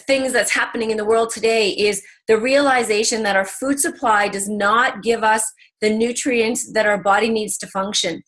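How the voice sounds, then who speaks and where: Woman, host, formal introduction, fairly high voice, online event. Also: fairly bright tone.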